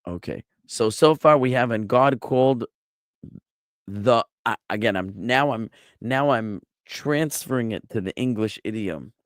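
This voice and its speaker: A rabbi giving an online Bible Hebrew lesson, explaining step by step in a patient way with small jokes. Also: male voice, mid-range voice, a little slow, no echo, clean studio sound. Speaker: rabbi teaching a Hebrew class.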